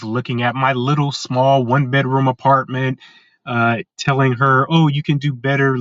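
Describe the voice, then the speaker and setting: A man telling his own story as a podcast guest. He talks in a halting conversational way, restarting and repeating words. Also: medium pitch, fairly bright tone, no room sound, muffled recording.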